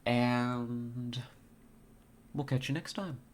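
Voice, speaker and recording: A man's voice: medium pitch, fairly even intonation, very slow, slight background noise. A man streamer chatting casually with his viewers as he ends his stream, rambling and playful and laughing often. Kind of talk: casual stream sign-off chat.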